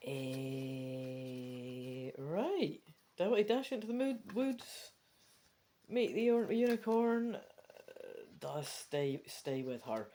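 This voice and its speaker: A woman with a Scottish accent reads a choose-your-own-adventure book aloud in a casual read-through. Her pitch sits in an ordinary middle range but swoops up and down with lots of life. She keeps breaking off from the text into quick, chatty asides. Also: big pitch swings, warm tone, a little hiss or hum. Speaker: gamebook reader.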